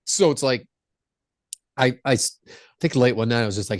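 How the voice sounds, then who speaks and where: With a medium-pitched voice at normal speed and long pauses, a rock singer on a podcast recounts stories earnestly and reflectively in a casual interview. The studio-quality recording has no room sound.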